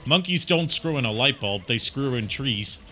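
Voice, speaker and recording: A man's voice: mid-range voice, lively intonation, normal speed, sharp tone, faint music behind. A man chatting casually on a game stream, rambling through his points, swearing freely and laughing at his own jokes. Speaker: stream guest.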